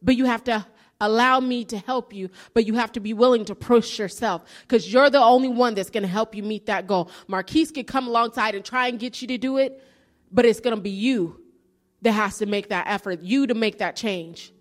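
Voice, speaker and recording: A woman's voice: fairly high pitch, normal speed. A woman giving an earnest sermon-style testimony, telling her story and rising into preaching emphasis.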